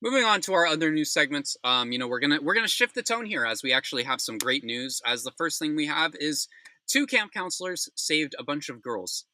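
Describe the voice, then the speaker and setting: A young man hosts a news recap in a sharp, bright voice, reading headlines before tearing into them with furious, swearing outbursts. His pitch rides up and down with emotion, and the sound is dry and close. He keeps stopping to apologize for his language. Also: sing-song, fairly quick, dry recording. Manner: angry, ranting with heavy swearing; apologetic asides between rants. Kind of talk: opinionated news commentary.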